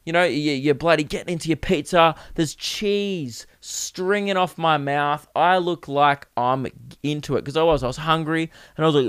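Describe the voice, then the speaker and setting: A man's voice: on the high side, clear, resonant tone, dry recording, studio quality. A young man hosting a podcast, telling a rambling, profane, self-mocking comedy story in casual chat. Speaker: podcast host.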